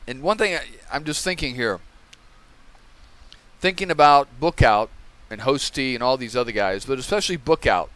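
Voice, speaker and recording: Smooth-voiced man giving casual commentary. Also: medium pitch, expressive, moderate pace, fairly bright tone. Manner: conversational, tags remarks with "okay?". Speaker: channel host reviewing testimony.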